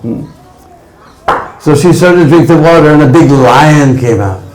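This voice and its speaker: A man's voice: on the high side, unhurried, a little mellow, echoey room, a little hiss or hum, rough recording. A man preaching a devotional story sermon, often tagging lines with "hmm?" and "huh?".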